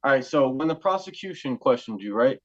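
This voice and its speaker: A man's voice: mid-range voice, lively intonation, a little fast, highs cut off. A male host in a casual interview, asking probing follow-up questions.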